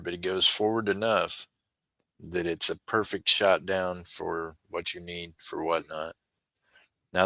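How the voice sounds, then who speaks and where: A man chats on his livestream, drifting from thought to thought and calling out to viewers by name. His voice sits low but comes across bright and forceful. The sound is dry and close. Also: no room sound, low-quality recording. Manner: rambling, chatty, talks to viewers by name. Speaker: livestream seller. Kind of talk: casual livestream chat.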